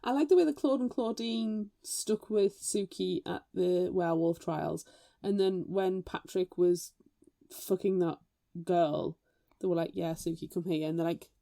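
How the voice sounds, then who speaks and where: Woman, podcast co-host, mellow warm voice, animated storyteller, casual swearing. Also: on the low side, a little slow, creaky, no echo, studio quality. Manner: animated, swears freely, mimics voices in anecdotes. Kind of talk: casual book chat.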